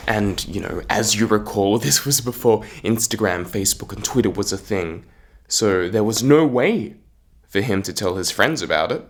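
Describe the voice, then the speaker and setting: Playful, lively storyteller man. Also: lowish voice, normal speed. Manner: playful, chatty asides to the listener. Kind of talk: casual storytelling with asides. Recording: echoey room.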